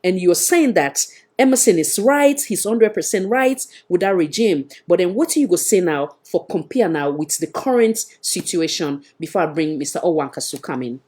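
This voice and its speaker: A woman's voice: fairly low pitch, lively intonation, normal speed, darkish tone, husky. A woman with a Sierra Leonean accent hosting a live panel discussion, pressing her guest with repeated questions. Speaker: talk show host.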